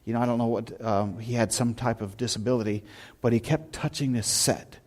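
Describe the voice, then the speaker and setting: Pastor, male, mid-range voice, sermon style with relaxed storytelling and lively retold moments. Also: medium pitch, fairly quick. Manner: storytelling, animated anecdotes with shouted imitations. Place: church sanctuary.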